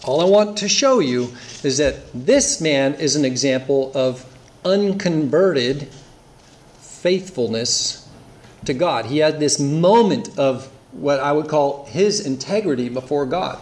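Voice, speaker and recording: A man's voice: a little high, lively intonation, slow pace. A man preaching an earnest expository sermon, reading scripture aloud and explaining it. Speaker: pastor.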